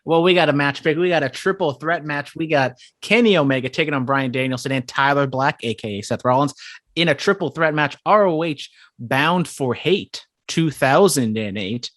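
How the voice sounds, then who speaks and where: A man co-hosting a wrestling podcast, talking in a relaxed, wry way with lots of fillers. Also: on the high side, normal speed, no echo, clean studio sound. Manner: easygoing, wry, filler-heavy. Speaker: podcast co-host. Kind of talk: casual wrestling podcast talk.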